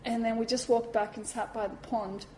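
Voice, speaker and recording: Lively woman telling a personal story. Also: a little high, normal speed, slight background noise, poor audio. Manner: lively, acts out her own reactions, many "you know"s. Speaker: Buddhist centre speaker.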